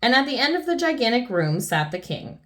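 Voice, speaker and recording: A woman reads a children's picture book aloud in a storytelling voice. Her pitch rises and falls freely as she narrates. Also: brisk. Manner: expressive storytelling.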